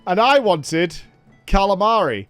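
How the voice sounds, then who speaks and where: A man in his thirties chatting and ranting on a stream, swearing freely in an animated way. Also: sits high, a little slow, soft background music. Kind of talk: casual stream chat.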